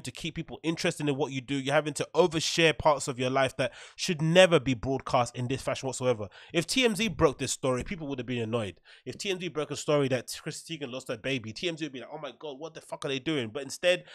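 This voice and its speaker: A man's voice: mid-range voice, no echo, studio quality. A man hosting a podcast, giving a blunt, opinionated commentary monologue full of "right?" asides and swearing. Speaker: podcast host.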